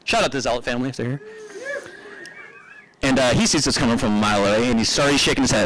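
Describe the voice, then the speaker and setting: A man's voice: medium pitch, fast talker, fairly bright tone, rough recording. Man laughing through a rambling eulogy. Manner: laughing often, loose rambling anecdotes with fillers. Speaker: eulogy speaker. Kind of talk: casual storytelling eulogy. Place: memorial service.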